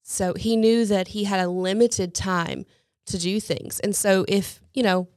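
A woman's voice: mid-range voice, steady tone, measured pace, darkish tone, no echo, clean studio sound. A woman co-hosting a casual Bible study podcast, chatty and a little rambling, with self-deprecating humor. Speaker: podcast co-host.

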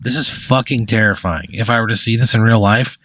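A man's voice: medium pitch, fairly even intonation, a little fast, fairly bright tone, slightly rough, no room sound. A man in casual comic banter, reacting with profane exasperation.

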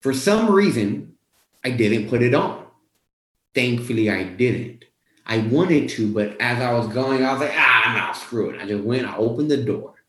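Animated young man telling a motivational story. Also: mid-range voice, unhurried. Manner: animated, casual, acts out his own quotes. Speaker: weight-loss coach. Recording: roomy echo.

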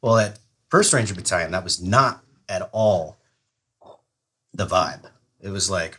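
A middle-aged retired Army Ranger, appearing as a podcast guest, tells a long story in casual, profane talk and laughs often. His deep voice is bright and forceful with a breathy edge, and he speaks a little slowly with frequent pauses.

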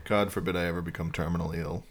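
A man's voice: sits low, steady tone, rapid-fire, breathy edge. A man co-hosting a podcast, chatting casually and telling crude, laughing stories. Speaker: podcast co-host. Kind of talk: casual chat. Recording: quieter mic, some distant bits.

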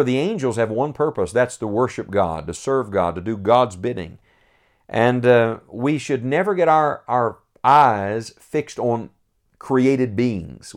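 A man preaching a radio Bible teaching, earnest and emphatic, slowing down to stress quoted scripture. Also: on the low side, darkish tone.

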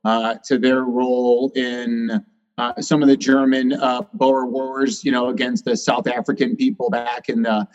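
A man's voice: medium pitch, little pitch movement, measured pace, a little mellow. A male doctor, a guest on a podcast, talking emphatically with many fillers. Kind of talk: interview talk. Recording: slightly dull, lo-fi sound.

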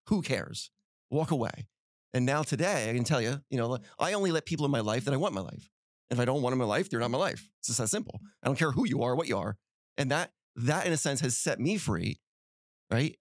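Fast-talking middle-aged male podcast co-host. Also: medium pitch. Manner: animated storyteller, repeats phrases for emphasis. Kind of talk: casual podcast chat.

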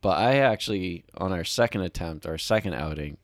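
Podcast co-host, male, deep voice, dry close mic, animated storyteller. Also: brisk, dry recording. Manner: animated storyteller, acts out shouted quotes. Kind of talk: casual chat.

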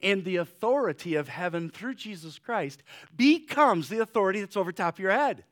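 A man's voice: high voice, very animated, brisk. Impassioned male pastor preaching. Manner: swings between loud urgent exhortation and soft quiet pleading; fillers and restarts, conversational preaching. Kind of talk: sermon.

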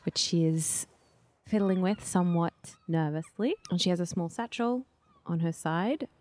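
A woman's voice: fairly low pitch, moderate pace, a little mellow. A woman player describing her character in a tabletop game, thoughtful and laughing now and then.

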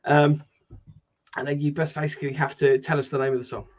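A man co-hosting a casual live-stream chat, relaxed and swearing casually while running a quiz, on a laptop mic. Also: a little high, brisk, highs cut off. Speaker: podcast co-host.

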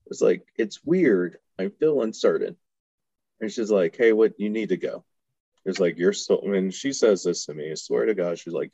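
A man from Houston tells stories on a podcast, his low, husky voice rising and falling a lot as he laughs and acts out the voices of people he quotes. The sound is close and dry, with a dull, lo-fi edge. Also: expressive, normal speed, dark tone, no echo. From Houston, Texas. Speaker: podcast guest. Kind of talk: casual storytelling.

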